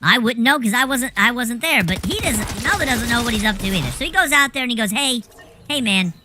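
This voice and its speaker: A woman telling a rambling anecdote in a casual, animated way, swearing freely as she goes. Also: a little high, fast, background noise. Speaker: storyteller.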